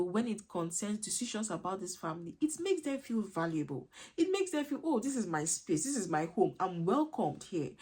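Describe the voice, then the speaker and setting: A woman's voice: medium pitch, a little mellow. A woman giving earnest parenting advice as a coach, emphatic, repetitive and a little preachy.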